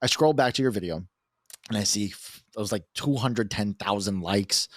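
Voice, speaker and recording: A man hosting a casual podcast, telling a story in an animated, profane way. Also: fairly low pitch, moderate pace, no room sound, studio quality. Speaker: podcast host.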